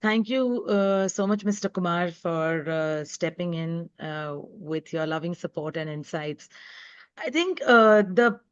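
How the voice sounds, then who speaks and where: A woman's voice: lowish voice, a little slow, clear, resonant tone. A woman author speaking as a guest in a live online talk, earnest and emphatic. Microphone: video call. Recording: dull lo-fi web call audio.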